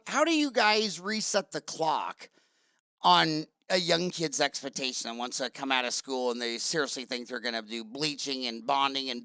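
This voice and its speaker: A man's voice: fairly high pitch, pushed and bright, smooth, no echo, clean studio sound. A man hosting a podcast interview in casual chat, a rambling, jokey storyteller. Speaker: podcast host.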